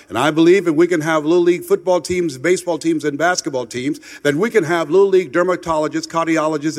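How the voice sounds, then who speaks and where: A man telling a motivational story with passion, swinging between loud emphatic lines and hushed ones. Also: a little high, long reverb tail. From United States. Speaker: motivational speaker.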